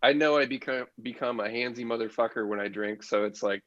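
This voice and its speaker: A man's voice: medium pitch, fairly quick, a bit bright, dull audio. A man, a comedian guest on a podcast, telling a story in casual chat, swearing freely and laughing often.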